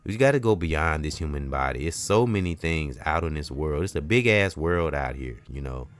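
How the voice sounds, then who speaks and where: Host, male, very low voice, rambling preachy spiritual monologue. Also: expressive, moderate pace. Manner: preachy, loose and repetitive, many "you know"s. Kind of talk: casual spiritual talk.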